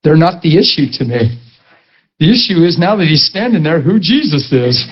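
A man's voice: on the high side, sing-song, normal speed, a little hiss or hum. A man preaching a sermon testimony, telling a story and acting out the dialogue, with emphatic rising peaks. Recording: dull lo-fi sound.

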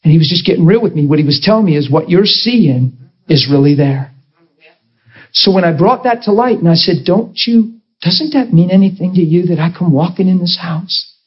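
A man's voice: high voice, breathy edge, lo-fi sound. A man preaching to a congregation and telling an emotional story, acting out the voices of the people in it. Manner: emotional, acts out quoted voices. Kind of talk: storytelling sermon.

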